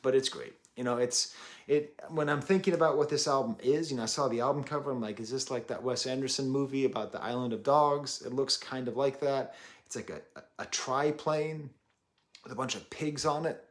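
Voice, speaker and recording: A man's voice: medium pitch, fairly quick. A man in his thirties reviewing an album, rambling and self-deprecating with jokey asides. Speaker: music reviewer. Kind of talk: casual chat.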